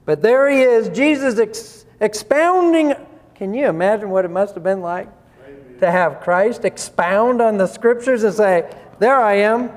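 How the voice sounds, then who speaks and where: Slow high-voiced male preacher. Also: expressive. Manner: asks rhetorical questions, chuckles between points. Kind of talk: sermon. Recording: long hall reverb.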